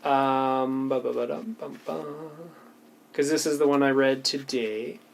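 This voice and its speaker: A man talking reflectively to camera about a personal practice, thoughtful and halting, often restarting his sentences. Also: mid-range voice, fairly even intonation, vocal fry, a little hiss or hum. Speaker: video creator sharing a personal practice. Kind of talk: reflective casual talk to camera.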